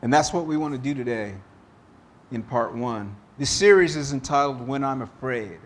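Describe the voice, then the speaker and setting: A man preaching a sermon as pastor, slow and deliberate, telling a story to make his point. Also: mid-range voice, animated.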